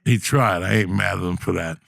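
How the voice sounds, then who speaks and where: A middle-aged man tells his stories with a rough, gravelly rasp in a lowish register. He gets animated and profane as he talks. The sound is close and dry, with no room around it. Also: a little fast, dry recording. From New Jersey. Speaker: podcast host. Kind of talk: storytelling in casual chat.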